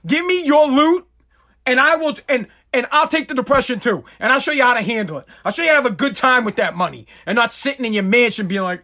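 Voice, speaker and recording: A man's voice: extremely high pitch, quick pace. A man delivering a heated, profane comedic rant as a show host. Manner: profane, heated, animated ranting.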